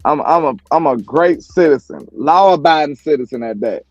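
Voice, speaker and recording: A man's voice: a little high, lively intonation, normal speed, no echo, highs cut off, soft background music. A man from Alabama with a Southern accent, hosting a casual chat and protesting his innocence in a playful, laughing way. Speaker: show host.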